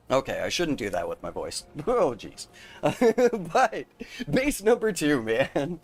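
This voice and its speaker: This young man's fairly high, sing-song voice moves at a slow pace as he live-streams a game. He's chatty and rambling, laughs often, and talks to his chat by name.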